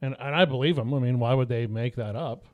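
A man on a fishing podcast, telling stories in a lively, animated way. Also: mid-range voice, a little fast, narrow, tinny audio. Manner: animated storyteller, acts out others' voices. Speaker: podcast host. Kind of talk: casual fishing chat.

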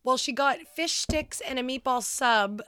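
A young woman who works as a schoolteacher, telling stories in a casual chat with excited exclamations and casual swearing. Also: high voice, measured pace, smooth, no echo.

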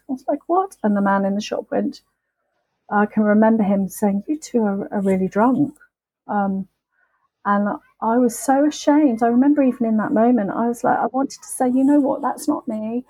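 A woman on a podcast, telling her sobriety story in a candid, emotional, halting way. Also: on the high side, mellow, breathy edge, no room sound, low-quality recording. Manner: emotional, halting, with frequent restarts and swearing.

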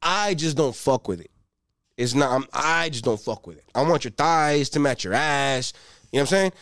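A young man doing a profane, streetwise stand-up routine and breaking into shouted bursts. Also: medium pitch, lively intonation, moderate pace, no echo, clean studio sound. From Los Angeles. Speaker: stand-up comedian.

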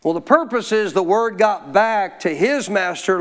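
A man teaching scripture in a folksy, informal way, prompting listeners to answer him out loud. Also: sits high, lively intonation, measured pace. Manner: call-and-response, prompts listeners to answer aloud. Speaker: Bible teacher. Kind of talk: interactive Bible teaching.

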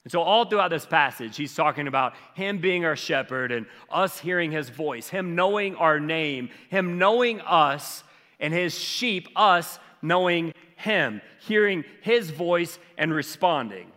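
A man's voice: a little high, animated, a little slow, sharp tone, in a large hall. A man preaching a sermon in a conversational, emphatic way. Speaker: pastor.

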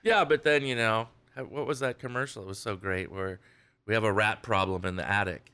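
A man's voice: fairly low pitch, steady tone, brisk, sharp tone, clean tone, no room sound. A man co-hosting a podcast, chiming in with offhand, wry remarks. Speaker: podcast co-host. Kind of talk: casual chat.

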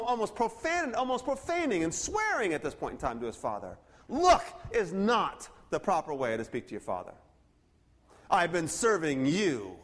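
A pastor with a high, slightly bright voice preaches a sermon and reads scripture aloud. His preaching is earnest, broken up by frequent stammered restarts.

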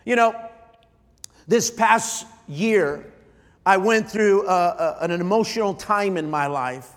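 High-voiced pastor preaching in a reverberant hall. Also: male voice. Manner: emotional, halting with many repeated starts. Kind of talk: sermon. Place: large church hall.

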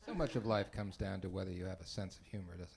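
A man with a fairly low voice talks through ideas in a relaxed, thoughtful way. His tone stays easy and conversational. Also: quick pace, gravelly. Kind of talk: casual chat.

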